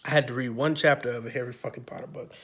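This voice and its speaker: A channel host with a medium-pitched voice tells a storytime monologue at a very fast clip. His delivery is profane and animated, broken up by sudden loud outbursts.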